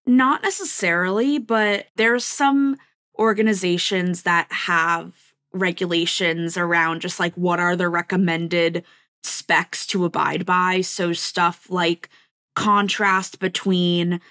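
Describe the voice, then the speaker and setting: A woman with a fairly low voice joins a podcast as a reporter guest. She talks casually and quickly, full of "like" and deadpan sarcasm. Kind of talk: casual chat.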